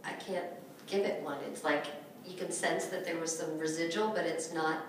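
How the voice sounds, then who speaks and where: A woman volunteer from the audience, speaking softly and hesitantly about how she feels. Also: low voice, steady tone, normal speed, slight background noise. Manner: hesitant, soft-spoken. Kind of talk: describing her own experience. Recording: echoey room, mic far off.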